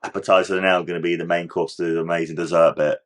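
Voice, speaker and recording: Rambling, enthusiastic man with a lowish voice. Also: flat delivery, quick pace. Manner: rambling, enthusiastic, heavy use of "like" fillers. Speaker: host of a reaction channel. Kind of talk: casual reaction commentary.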